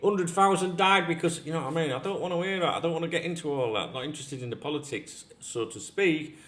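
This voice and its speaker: A man's voice: mid-range voice, fairly bright tone. A man hosting a football channel, talking in a casual rant with frequent restarts and swearing.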